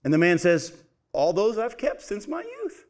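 A man's voice: sits high, huge pitch swings, normal speed, a little mellow. A man preaching a sermon, asking his listeners questions and then answering them himself, and calling them folks.

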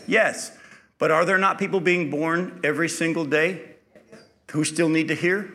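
A man's voice: a little high, fairly even intonation, normal speed, vocal fry, fairly bright tone. A man preaching a sermon, telling a personal story in a conversational way, acting out the dialogue, then building to emphatic preaching.

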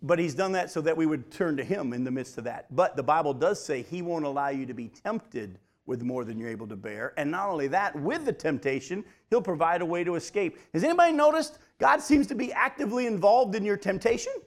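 A man's voice: on the high side, animated. Man preaching a sermon. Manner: emphatic preaching, slows for key points, addresses folks directly. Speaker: pastor.

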